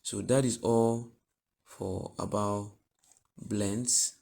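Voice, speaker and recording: A man teaching reading and phonics to other teachers, explaining step by step and slowly repeating example words and sentences. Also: lowish voice, fairly even intonation, vocal fry, dark tone. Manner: explanatory, asks "do you get it?". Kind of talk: spoken lesson for teachers.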